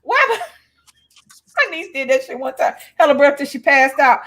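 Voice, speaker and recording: A woman's voice: sits high, normal speed, a bit bright. A woman co-hosting a casual chat, telling stories in a blunt, profane, laughing way. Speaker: co-host.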